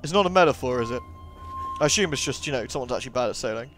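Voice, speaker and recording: A man's voice: medium pitch, animated, racing, fairly bright tone. A man casually commentating his gameplay, chatty and rambling with jokey asides. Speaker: let's play host. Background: game music.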